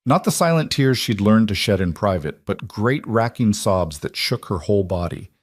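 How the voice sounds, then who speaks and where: A male storyteller reading a scripted emotional tale in a slow, measured, somber delivery. His voice sits on the low side. The recording is close and completely dry. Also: animated, dry recording. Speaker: narrator.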